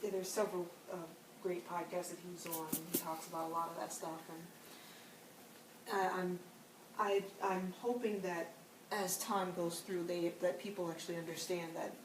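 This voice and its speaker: A woman's voice: on the low side, flat delivery, normal speed. A woman in a casual chat, talking hesitantly and searching for words, recorded on a distant echoey mic with noise.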